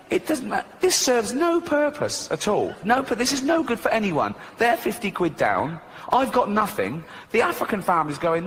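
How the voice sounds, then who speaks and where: A male comedian on stage, talking with dry, deadpan mockery in a fairly high, lively voice. His voice carries the long reverb of a large hall, with a faint murmur of audience behind it. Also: normal speed, a little hiss or hum. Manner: dry, mocking, deadpan asides. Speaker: stand-up comedian and awards host. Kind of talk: stand-up comedy.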